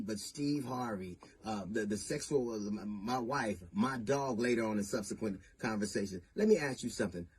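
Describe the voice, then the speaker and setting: A middle-aged man, a comedian, giving a deliberate, emphatic public statement that builds to indignation. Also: medium pitch, darkish tone, husky. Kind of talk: public statement answering accusations.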